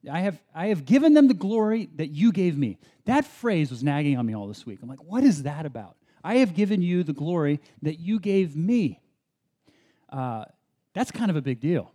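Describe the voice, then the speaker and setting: A man preaching a sermon as pastor in a church, conversational and animated, with self-deprecating asides. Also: a little high.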